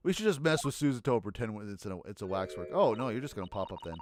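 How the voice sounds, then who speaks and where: A man's voice: on the low side, sing-song, fast, few pauses, over music. A man streaming a video game, chatting casually and joking as he reads the story aloud. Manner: chatty, joking, often laughing. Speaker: let's-play streamer. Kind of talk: casual game commentary, reading dialogue aloud.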